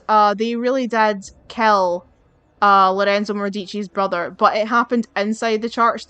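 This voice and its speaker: A woman's voice: mid-range voice, a bit bright, no room sound. A young woman hosting a let's play, ranting in an exasperated way and swearing as she plays and reads up on history. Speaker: gaming channel host.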